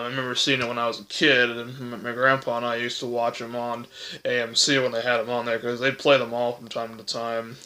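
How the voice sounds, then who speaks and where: A man's voice: medium pitch, bright, forceful tone. A young man casually ranking horror films, rambling with lots of fillers and self-corrections, voice cracking from hiccups. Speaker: movie reviewer.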